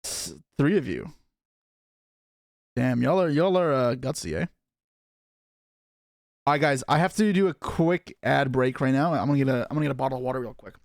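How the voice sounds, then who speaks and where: Expressive and mid-range with a touch of vocal fry, a young man chats his way through opening trading card packs on a live stream. He reacts to his chat and drops quick asides, and the studio sound is clean with no echo.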